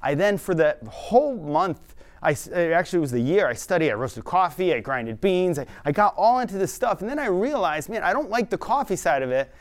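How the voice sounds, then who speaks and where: A young man telling his own life story quickly and earnestly, with now and then a self-aware laugh. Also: sits high, sing-song. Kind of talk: personal storytelling talk.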